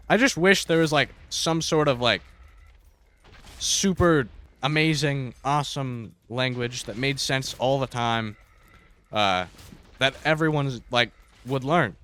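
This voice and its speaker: A man's voice: medium pitch, bright, forceful tone. A young man giving a casual, sarcastic comedic rant to camera, packed with "like" fillers and playful exaggeration. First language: English. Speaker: YouTuber.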